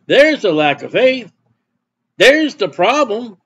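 A man's voice: extremely high pitch, sing-song, takes it slowly, fairly bright tone, breathy edge. A male preacher reading scripture aloud and explaining it in plain, conversational asides. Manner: reads verses then explains in plain asides. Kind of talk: sermon, Bible reading with commentary.

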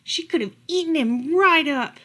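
A woman's voice: high-pitched, normal speed. Woman reading a bedtime storybook. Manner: gentle, expressive storytelling. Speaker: children's librarian. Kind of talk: bedtime picture-book reading.

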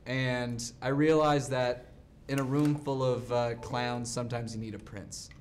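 A man on a live-stream dating game, teasing a rival and giving a mock-suave pitch. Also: steady tone, measured pace, slight background noise. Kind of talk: casual banter on a live stream.

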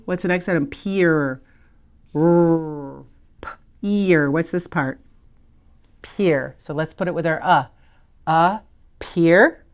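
A woman's voice: lowish voice, clear, resonant tone. Patient woman teaching spelling. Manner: patient, encouraging, sounds out letters slowly. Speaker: literacy teacher. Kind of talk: video spelling lesson.

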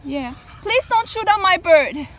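A woman's voice: very high-pitched, lively intonation, unhurried, fairly bright tone. A young woman vlogging at a park, cooing and baby-talking to her parrot with frequent laughs. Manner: coos and baby-talks to her bird, laughs often. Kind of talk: casual outdoor vlog talk. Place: park outdoors, windy day. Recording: outdoor wind and park noise.

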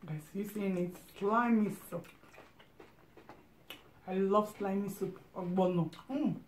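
A woman's voice: medium pitch, slow pace, slight background noise. Teasing Nigerian woman, echoey room. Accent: Nigerian English. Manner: teasing, chatty pidgin asides. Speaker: vlog co-host. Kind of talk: mukbang vlog chat.

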